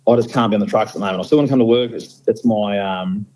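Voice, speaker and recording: A man's voice: fairly low pitch, very fast, a little mellow, low-quality recording. A middle-aged man with an Australian accent, a firefighter guest talking candidly and bluntly, with lots of fillers. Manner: blunt, outspoken, frequent fillers. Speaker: guest, firefighter station officer. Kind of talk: candid conversational interview.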